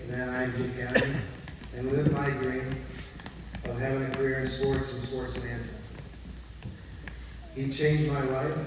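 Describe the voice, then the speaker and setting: A man giving an earnest, measured tribute to the mentor who gave him his career. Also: mid-range voice, heavy reverb, big-room sound, recorded from a distance, slight background noise, rough recording. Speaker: former employee paying tribute. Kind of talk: tribute reflection.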